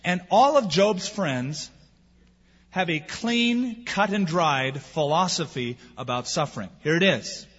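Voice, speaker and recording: A man's voice: on the high side, lively intonation, slow, fairly bright tone, breathy edge. A man preaching a sermon as pastor, asking rhetorical questions and acting out the people he quotes. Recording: dull sound with long hall reverb.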